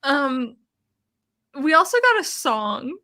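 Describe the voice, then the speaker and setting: A woman co-hosting a reality TV recap livestream, relaxed and easygoing in casual chat. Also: sits high, slow. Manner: laughs often, relaxed and easygoing. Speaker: co-host of a reality TV recap show.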